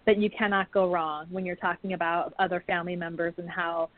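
Her voice is fairly low with little pitch movement, and she speaks fairly quickly, with no echo. A podcast guest and author, she gives a candid interview about her book, sharing stories earnestly, openly and warmly over a dry, tinny phone line.

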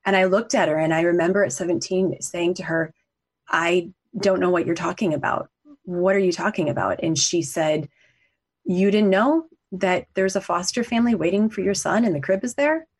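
A middle-aged woman with a low, husky voice shares a painful personal story. She speaks earnestly and from the heart, her voice sometimes close to tears as she talks it through. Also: normal speed. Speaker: podcast guest, coach and author.

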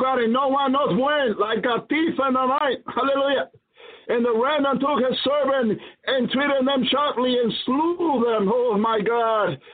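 A man preaching a prophetic sermon, fervent and repetitive, with frequent hallelujahs and praise. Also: very high voice. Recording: tinny phone-like audio.

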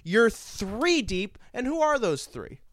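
A man's voice: high-pitched, big pitch swings, slow pace, fairly bright tone. A man hosting a racing podcast, asking the panel questions and throwing in wordy jokes and asides. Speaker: podcast host. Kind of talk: casual handicapping chat.

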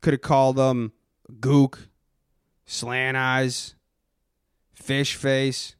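A man's voice: mid-range voice, completely flat delivery, very slow, smooth, dry recording, clean studio sound. A man hosting a comedy podcast in character, ranting aggressively and swearing constantly. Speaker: podcast host.

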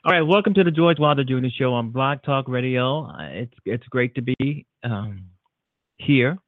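A man's voice: mid-range voice, moderate pace. A man hosting a casual internet radio show from a home studio, out of breath, talking in a repetitive, emphatic, rambling way. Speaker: host. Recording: tinny phone-like line, dry.

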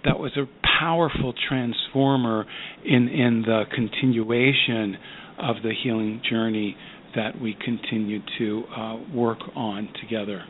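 A man talks at an unhurried, measured pace, reflecting on his work as a psychiatrist. His voice sits in a middle register and comes through a narrow, phone-like line, with frequent pauses and fillers. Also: mid-range voice, fairly even intonation, slight background noise. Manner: slow, thoughtful, with many pauses and fillers. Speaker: psychiatrist guest. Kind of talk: reflective interview talk.

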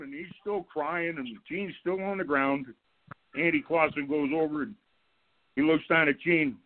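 A man, a former football coach, calling in to a radio show and telling lively stories about his old players and staff. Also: on the high side, a little slow, no room sound. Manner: animated storyteller, acts out quotes, laughs along. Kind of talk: telling anecdotes on a call-in show. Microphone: telephone. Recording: tinny phone line.

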